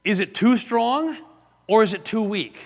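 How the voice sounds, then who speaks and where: A man with a high, gravelly, unhurried voice gives a live real estate seminar, animatedly acting out stories, gestures, and quotes while he teaches. The recording has long hall reverb.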